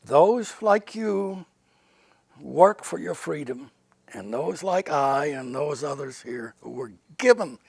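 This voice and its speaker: A man's voice: a little high, lively intonation, slow, creaky, darkish tone, slightly rough, dry recording. An older man, a retired Air Force general, telling earnest stories in an interview and repeating words for emphasis. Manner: earnest anecdotes with emphatic repetition. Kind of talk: casual storytelling interview.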